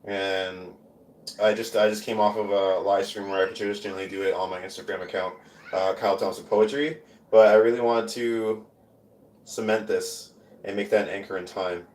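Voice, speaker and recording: A man with a fairly low, darkish voice speaks at a moderate pace in a level tone, performing spoken word poetry on a live stream. Between poems he rambles casually, and within them he chants repeated lines, all with a roomy echo.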